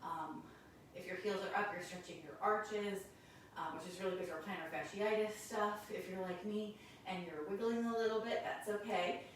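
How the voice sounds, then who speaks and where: A woman's voice: mid-range voice, moderate pace, slight background noise. Distant, echoey woman teaching yoga. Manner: calm, encouraging cues while doing the poses. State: a little out of breath. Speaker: yoga instructor. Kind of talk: guided yoga class instruction.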